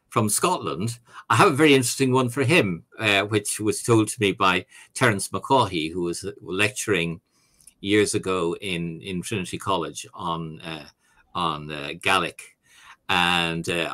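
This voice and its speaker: Male guest, lowish bright voice, halting answers full of fillers, video call. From Ireland. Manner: hesitant, many fillers and restarts. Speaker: author and academic guest. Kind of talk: conversational Q&A answers.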